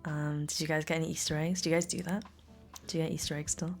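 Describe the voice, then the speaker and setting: A woman's voice: low voice, flat delivery, fast talker, darkish tone, soft background music. A young woman, a live streamer, chatting casually and giggling often with her chat from home. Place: home room.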